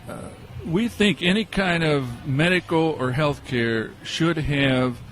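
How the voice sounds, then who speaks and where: An American professor answers interview questions in a hesitant, halting way, filling gaps with "uh". His voice is a touch high for a man. Faint noise hums behind him. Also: fairly bright tone. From United States. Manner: hesitant, many uh fillers and restarts. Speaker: guest, professor.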